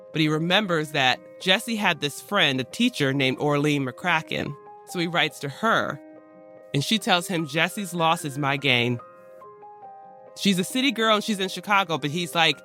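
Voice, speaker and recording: A man's voice: fairly high pitch, pushed and bright, dry recording. A man hosting a podcast, retelling a historical story in casual modern slang and briefly acting out the people in it. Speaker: podcast host.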